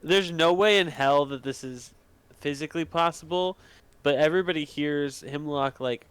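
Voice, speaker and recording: Male player, smooth clear voice, a bit high, dry mic, deadpan. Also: normal speed, no room sound. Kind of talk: casual tabletop play.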